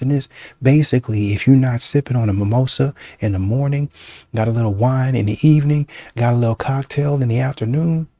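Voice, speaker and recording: A man's voice: medium pitch, mellow, dry recording. A man hosting a reaction channel, talking bluntly and repetitively in casual slang. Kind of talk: casual commentary.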